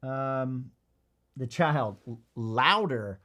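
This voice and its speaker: A man hosting a podcast, talking bluntly in casual commentary while reading from a parenting book. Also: slow pace. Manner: animated, blunt, swears, acts out kids in high voices. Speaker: podcast host.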